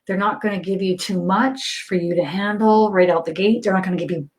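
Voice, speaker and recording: A woman's voice: medium pitch, brisk, darkish tone. A woman working as a psychic medium, talking casually on a livestream with lots of fillers and easy laughter. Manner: chatty, laughs often, many fillers.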